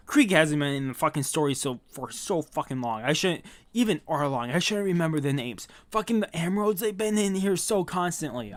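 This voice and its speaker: A man reading a comic aloud and reacting with loud, swearing asides. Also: a little high. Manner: swears often, reads text aloud with excited asides. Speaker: manga reaction host.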